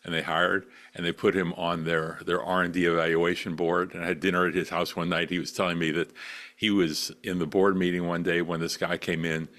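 Man, deep voice, relaxed anecdotes, video call chat. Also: a little fast. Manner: relaxed, anecdotal, recalls old industry stories.

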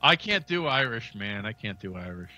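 A man's voice: lowish voice, very animated, normal speed, sharp tone. A man co-hosting a casual chat, joking and slipping into put-on British accents. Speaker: co-host.

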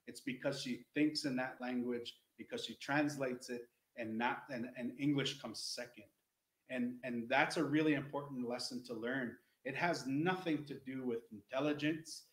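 Earnest guy explaining stuff, rambly, mid-pitch voice, echoey room. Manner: earnest, rambling, with many restarts. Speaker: Indigenous educator. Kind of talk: informal teaching talk.

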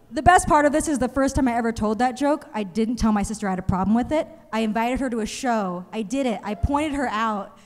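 A young woman doing a stand-up comedy set, telling animated stories and acting out other people's voices. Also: a little high. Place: comedy stage in a museum venue. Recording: live show in a reverberant hall.

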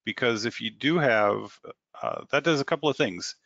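A man's voice: medium pitch, animated, normal speed, creaky, a bit bright, dry recording. A man presenting in a technical webinar, explaining in detail and repeating words as he thinks. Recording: slightly dull dry audio.

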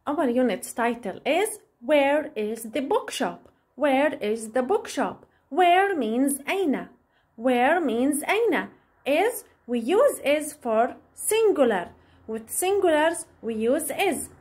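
A young woman teaching an English lesson to young pupils, speaking slowly and clearly and saying each word twice. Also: high voice, expressive, darkish tone.

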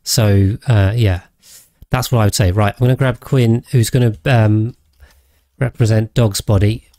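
A man's voice: on the low side, steady tone, measured pace, warm tone, no room sound, clean studio sound. A man rambling casually as he streams a game, thinking aloud and thanking his viewers. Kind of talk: casual gameplay livestream chat.

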